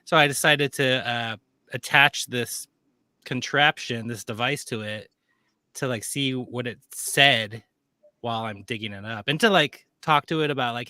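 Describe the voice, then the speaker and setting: Guest man, bright dry voice, rambling and chatty with lots of fillers. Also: medium pitch, moderate pace, dry recording. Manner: rambling, many fillers and self-corrections. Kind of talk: casual chat.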